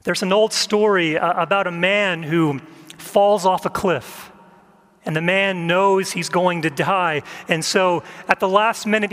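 A man preaching a sermon as a pastor, gentle and measured, reflecting on letting go. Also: high-pitched, in a large hall. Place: church.

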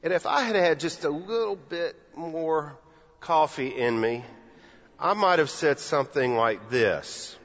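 A man's voice: fairly high pitch, expressive, a little slow, fairly bright tone. A man in his fifties, a pastor from Texas, preaching a sermon in a church sanctuary with folksy storytelling and playful asides. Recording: dull audio with long church reverb.

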